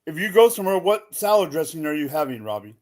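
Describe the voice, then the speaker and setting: A man's voice: on the high side, sing-song, fast talker, darkish tone. A man co-hosting a casual sports chat, teasing the host.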